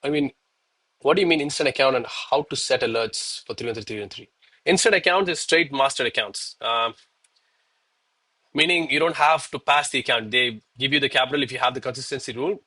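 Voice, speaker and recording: A man's voice: medium pitch, fairly quick, bright, forceful tone, breathy edge. Breathless, chatty man in his thirties. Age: 30s. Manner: casual, chatty, calls viewers bro and man. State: out of breath between push-ups. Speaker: live trading streamer. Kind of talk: live-stream commentary and chat.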